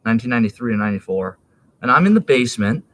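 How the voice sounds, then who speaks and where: A man's voice: medium pitch, very animated, very fast, a bit bright. A man in his thirties rambling in a casual, profane monologue, laughing and jumping between topics.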